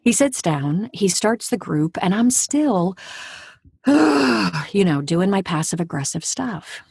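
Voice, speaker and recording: A woman in her forties tells a personal story as an interview guest, her delivery vivid and dramatic, sinking to a near-whisper at the tense parts. Her voice sits a little low and has a husky grain. The sound is close and dry, with no room around it. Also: expressive, a little slow, a little mellow, no echo. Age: 40s. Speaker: audiobook narrator and actor, guest.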